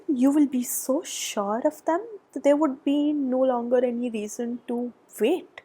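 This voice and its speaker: A woman giving a tarot reading, gushing and excitable, often dropping to a soft whisper, a little out of breath. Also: high-pitched, a little slow, slightly rough. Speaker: tarot reader. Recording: background noise.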